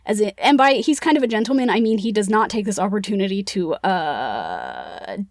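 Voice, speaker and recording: A woman's voice: mid-range voice, very animated, moderate pace, dry recording, studio quality. A woman co-hosting a casual book-club podcast, retelling a plot in a chatty, playful way with lots of "like". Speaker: podcast co-host.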